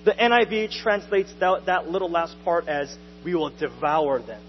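A young adult man preaching a sermon to his church, casual and lively, with slang and joking asides. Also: a little high, moderate pace. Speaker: pastor. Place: church hall. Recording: dull sound with long reverb and faint hum.

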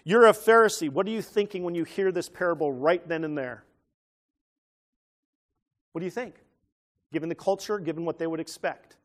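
High-voiced man preaching. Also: normal speed, pauses often. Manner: animated, asks the listeners questions. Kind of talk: teaching sermon on a parable.

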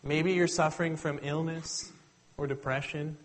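Male preacher, animated storytelling sermon, casual, slightly high voice. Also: measured pace, low-quality recording.

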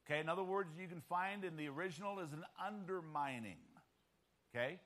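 A man's voice: fairly high pitch, a little fast, fairly bright tone. A man preaching a sermon emphatically and often checking in with his listeners.

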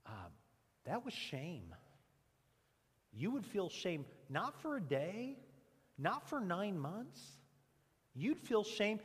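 A male pastor preaching a conversational, animated sermon and leading the congregation in repeating lines. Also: sits high, husky. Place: church sanctuary. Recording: long reverb of a church hall.

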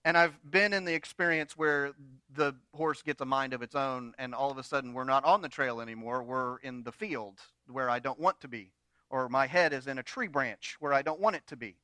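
A man's voice: medium pitch, a little fast, bright, forceful tone, dry recording. A man pastor preaching a sermon, retelling a story with humorous asides.

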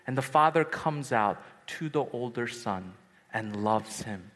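A man preaching at a youth retreat, telling stories in an animated way and acting out voices. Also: mid-range voice, measured pace. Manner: animated storytelling, acts out voices. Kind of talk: sermon. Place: large hall at a retreat. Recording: echoey hall.

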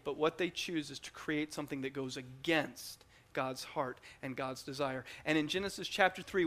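Delivering a teaching sermon, a high-voiced male preacher is emphatic and animated. Repeated words come up frequently throughout.

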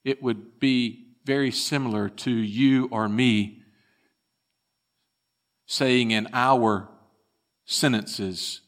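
A man preaching a sermon, retelling scripture with dramatic swings between raised and hushed delivery. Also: mid-range voice, steady tone, extremely slow, long pauses. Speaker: pastor.

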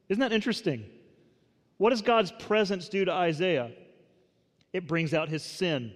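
A man preaching a sermon with a conversational, joking manner, shifting between loud emphasis and quiet reflection. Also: high voice, normal speed, long reverb tail. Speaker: pastor.

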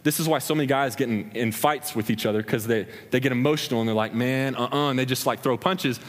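A man's voice: mid-range voice, fast talker. A young man preaching a sermon in a large hall, acting out scenes as he tells stories. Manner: animated storytelling, acts out scenes with hand gestures. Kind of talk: sermon with acted-out examples. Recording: long hall reverb.

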